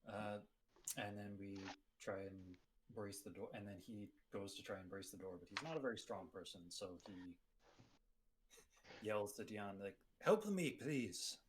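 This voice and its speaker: Low-voiced hesitant man describing his character. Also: steady tone, normal speed, background noise. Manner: hesitant, many ums and restarts. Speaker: player.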